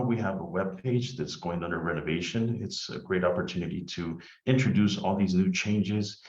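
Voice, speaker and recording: A very deep-voiced man presents in a polite, measured way, like a lawyer walking an audience through slides. His voice sounds dull and lo-fi. It also has a roomy echo from the video call. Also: darkish tone. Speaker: immigration lawyer. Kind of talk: webinar presentation.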